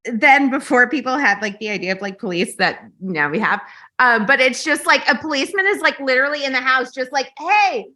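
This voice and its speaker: Female comic guest, high bright voice, rambling and profane. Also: brisk. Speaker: podcast guest. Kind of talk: casual comedic chat.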